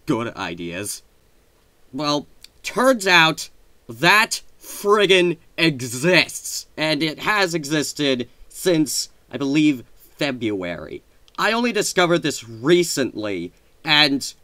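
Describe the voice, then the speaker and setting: A man chatting in a casual update vlog at his home desk mic, his voice bright and crisp and fairly high. He talks unhurriedly, rambling and correcting himself, then gushes with excitement. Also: slow pace, no room sound. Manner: excitable, rambling, with gushing outbursts and self-corrections. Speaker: video channel host. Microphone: desk microphone.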